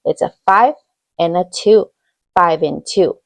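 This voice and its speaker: Female teacher, slow and patient, slight vocal fry, switching between English and Spanish for a children's class. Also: lowish voice. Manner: repeats each word in English and Spanish, encouraging. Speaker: bilingual teacher. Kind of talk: slow bilingual classroom lesson for young children.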